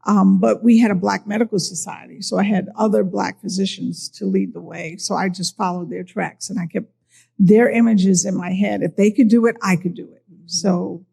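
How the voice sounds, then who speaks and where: An older woman with a New York accent, a physician sharing her personal testimony in an earnest storytelling way, with soft chuckles. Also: medium pitch, creaky, breathy edge.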